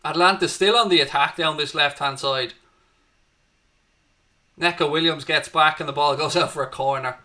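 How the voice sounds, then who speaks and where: Pushed and bright, his voice sits on the high side and moves at a normal speed, broken by long pauses. The Irish man is hosting a live fan watchalong, chatting with viewers, greeting them and reading their messages, and he lifts up when the match heats up.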